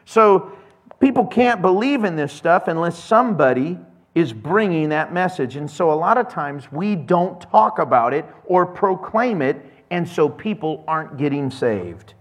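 A man with a fairly high voice preaches to his congregation in a relaxed, chatty way. He acts out everyday scenes, slipping into quick voices for the people in his stories. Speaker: pastor. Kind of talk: casual sermon.

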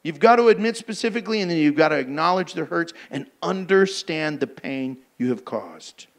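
A man's voice: a little high, expressive, normal speed. A man preaching a sermon in a blunt, emphatic, exhorting way.

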